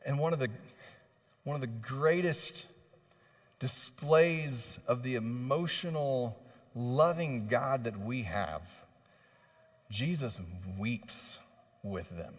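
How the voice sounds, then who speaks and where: A man's voice: mid-range voice, expressive, takes it slowly. A man preaching a sermon as pastor, passionately voicing pleading questions and building in intensity. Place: church sanctuary. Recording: long reverb of a church hall.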